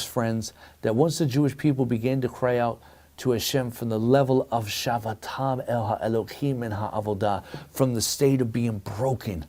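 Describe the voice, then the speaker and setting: Middle-aged man, rabbi giving a sermon, animated storyteller, mid-range voice. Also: mid-range voice. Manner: animated preaching, addresses listeners as friends. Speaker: rabbi teaching a weekly Torah lesson.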